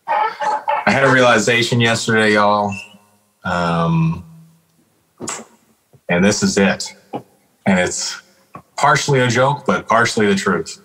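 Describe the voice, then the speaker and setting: Co-hosting a laid-back hip-hop podcast, this Calgary rapper wanders through stories peppered with "like" and "dude." He has a lowish, fairly bright voice, and the recording is rough.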